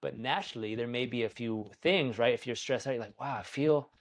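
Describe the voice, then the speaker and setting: A man teaching qigong in a conversation, calm and soothing, who often checks in with "right?". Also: mid-range voice, a little fast. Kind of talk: guided practice in conversation.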